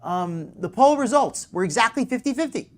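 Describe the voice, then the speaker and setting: Man hosting a live stream, rambling, sarcastic, lively up-and-down pitch. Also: moderate pace. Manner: rambling, sarcastic, self-deprecating.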